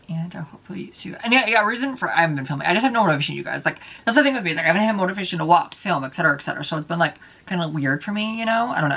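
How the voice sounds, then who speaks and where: A man's voice: fairly high pitch, vocal fry, pushed and bright. A man vlogging alone, ranting heatedly with heavy profanity and repeating his points. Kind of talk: casual solo vlog rant.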